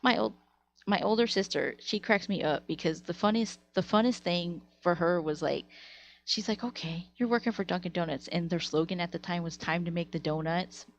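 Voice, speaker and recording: Laughing, animated woman telling stories. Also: lowish voice, normal speed, muffled recording. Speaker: live streamer. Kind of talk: casual storytelling to chat.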